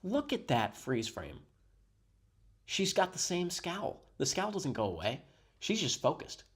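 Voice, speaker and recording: A man's voice: on the high side, huge pitch swings, a little slow. A man giving sarcastic, mock-serious commentary on a video he is playing. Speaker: reaction commentator.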